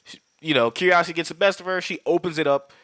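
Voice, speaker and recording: A man co-hosting a podcast, rambling and swearing as he recaps a movie and acts out its characters in quick bits. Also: fairly high pitch, steady tone, fairly bright tone, dry recording. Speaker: podcast co-host. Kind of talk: casual movie recap chat.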